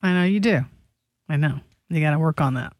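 A woman's voice: sits low, fairly quick, darkish tone, no echo, clean studio sound. A woman co-hosting a radio show, teasing the host and laughing easily.

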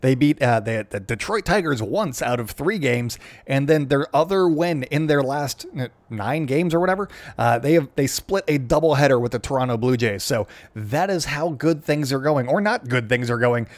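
A man's voice: mid-range voice, lively intonation, normal speed, few pauses, no echo. A young man hosting a sports podcast, chatting casually and sarcastically with lots of fillers. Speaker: podcast host.

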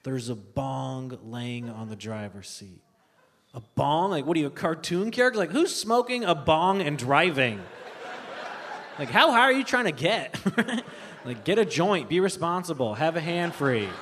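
A man performing stand-up, telling a family story with lively impressions. His voice sits a little high. The recording carries a long hall reverb and faint room noise. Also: measured pace. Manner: animated storytelling with loud high-pitched impressions. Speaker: stand-up comedian. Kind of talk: stand-up comedy set. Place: live stage before an audience.

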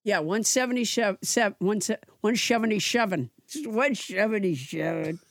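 A woman's voice: mid-range voice, lively intonation, normal speed, vocal fry, dry recording, studio quality. A woman hosting a comedy podcast, sentimental and self-mocking. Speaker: host.

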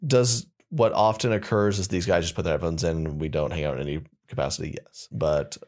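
A man's voice: sits low, brisk. A man co-hosting a casual comedy podcast, telling stories and acting out people he meets in funny voices. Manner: animated storyteller, acts out people in funny voices. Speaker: podcast co-host.

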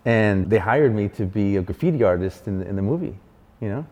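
A man guesting on a casual chat, telling a story with animated energy and plenty of swearing, and acting out other people's lines. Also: lowish voice, brisk. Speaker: guest graffiti artist. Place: large arts venue room. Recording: echoey hall.

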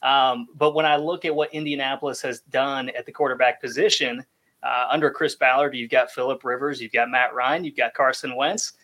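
A man's voice: mid-range voice, steady tone, normal speed, pushed and bright. A man on a sports podcast defending his quarterback pick, thoughtful and hedging. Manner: thoughtful, hedges, laughs easily. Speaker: sports analyst panelist. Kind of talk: casual sports analysis.

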